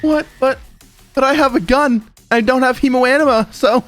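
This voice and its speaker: A man voicing a frightened young woman in a game he is playing, high and anxious. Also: normal speed, fairly bright tone, soft background music. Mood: scared.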